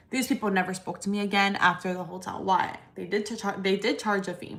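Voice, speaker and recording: A woman's voice: medium pitch, fairly even intonation, a little fast, hardly any pauses, a bit bright. A woman talking to viewers on a casual livestream, venting in a blunt, emphatic way with plenty of swearing. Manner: blunt, profane, emphatic ranting. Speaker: livestream host, credit repair business owner. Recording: roomy echo.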